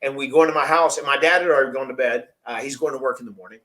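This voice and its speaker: A man's voice: mid-range voice, rapid-fire, fairly bright tone. Chatty man telling a story. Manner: chatty, rambling, laughs often. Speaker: podcast host. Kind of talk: casual storytelling.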